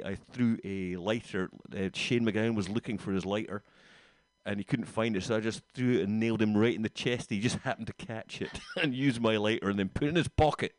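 Wry radio DJ with a deepish voice. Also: male voice, no echo. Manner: relaxed, wry, chatty. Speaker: radio host, DJ. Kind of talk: casual radio chat. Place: radio studio.

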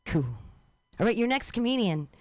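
Sardonic lady comic emceeing, high voice jumping all over. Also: sing-song, moderate pace, no echo. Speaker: comedy show host. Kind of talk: stand-up comedy and hosting.

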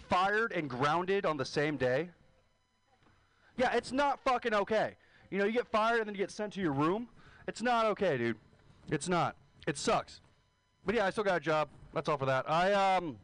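A young man delivers a crude, brash stand-up set, laughing at himself. His voice is high and lively, swinging widely in pitch. He plays it loose with the crowd in a small club. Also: a little fast, long pauses, no echo, low-quality recording. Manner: crude, brash, self-deprecating. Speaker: stand-up comic.

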